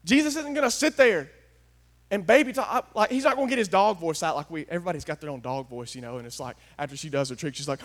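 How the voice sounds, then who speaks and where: A man preaching a folksy sermon, swinging from hushed asides to loud, emphatic declarations. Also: a little high, fast. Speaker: pastor.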